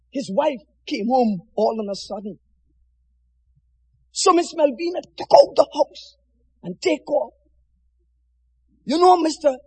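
A man preaching a sermon with passion, swinging from shouted lines to hushed, quiet ones. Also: very high-pitched, in a large hall, poor audio. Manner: impassioned, swinging from shouts to near-whispers.

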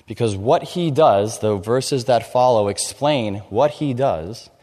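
A man preaching an expository sermon, explaining scripture in a measured way and reading verses aloud. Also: mid-range voice, dark tone. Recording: long hall reverb.

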